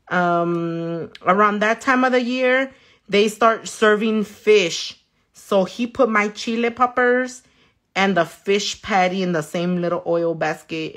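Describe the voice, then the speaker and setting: Storytelling as she does nails, this woman is chatty and loose, swearing plenty and reading out viewer comments. Her voice is medium in pitch with a fairly bright tone.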